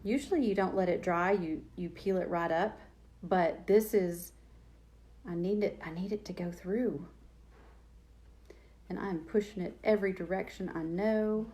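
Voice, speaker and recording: A woman's voice: on the low side, fairly even intonation, a little slow, pauses often, mellow. A woman hosting a live craft demo, chatting with viewers and thinking aloud as she works. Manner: chatty, self-deprecating, thinking aloud while working. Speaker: DIY crafts host.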